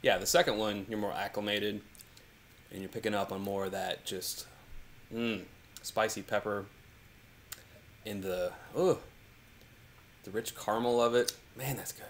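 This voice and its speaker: A man co-hosting a live whiskey tasting stream, relaxed and joking. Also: lowish voice, a little slow, long pauses, slight background noise. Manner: relaxed, joking, laughs often. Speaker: co-host. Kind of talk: casual live tasting chat. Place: home in Kentucky.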